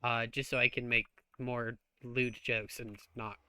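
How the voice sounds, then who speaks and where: A man's voice: mid-range voice, little pitch movement, unhurried, bright, forceful tone, slight background noise. A man streaming a game, chatting casually while he plays, joking and swearing freely. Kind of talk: casual gameplay chat.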